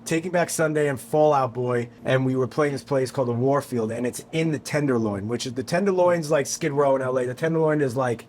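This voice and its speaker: A man from New York, a guest musician, telling a story on a podcast in a casual, animated, profane way. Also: mid-range voice, a little fast, few pauses, a little hiss or hum. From New York, USA. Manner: animated, profane, acts out quotes.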